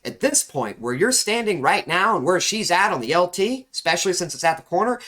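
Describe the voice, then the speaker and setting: A young man breaks down a match replay like a coach, stressing his points by repeating words. His voice is bright and forward, and he explains each move step by step. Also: on the high side. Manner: instructive, emphatic, repeats key words. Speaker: game coach reviewing a match. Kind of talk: analytical gameplay commentary.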